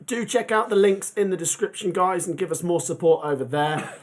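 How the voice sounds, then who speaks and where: A man's voice: high-pitched, fairly quick. A young man hosting a football fan livestream, chatting casually and reading out viewer comments with plenty of ums. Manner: chatty, rambling, many ums. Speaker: football fan channel host.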